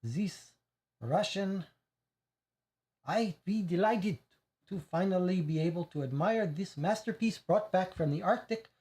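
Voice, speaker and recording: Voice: mid-range voice, animated, darkish tone, voice pushed up, close to an everyday voice. A player reading out a disdainful, mocking woman from a board game, in a sneering, sarcastic manner. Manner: sneering, sarcastic, slow and deliberate. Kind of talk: reading game text aloud.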